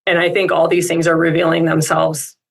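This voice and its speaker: A woman's voice: deep voice, completely flat delivery, a little fast, creaky. A woman speaking as an expert guest on a coaching call, reflective and upbeat, with many casual fillers.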